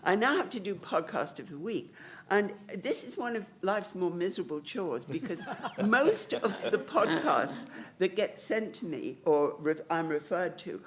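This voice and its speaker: A woman's voice: fairly low pitch, sing-song, measured pace. Wry older woman columnist on a panel. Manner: chatty and wry, laughs often. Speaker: newspaper radio columnist, panel chair. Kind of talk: conference panel talk. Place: conference hall.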